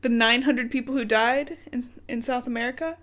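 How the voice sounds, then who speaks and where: A woman co-hosting a podcast, recapping a book in casual chat, fast and joking with swearing. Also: on the high side, steady tone, a bit bright. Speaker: podcast co-host.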